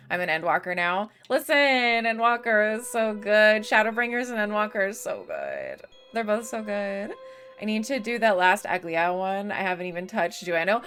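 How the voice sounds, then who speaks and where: A woman's voice: mid-range voice, fairly bright tone. A chatty young woman live-streaming a game, talking casually to her viewers. She swears freely and fills her talk with fillers and laughs. Faint game music runs underneath.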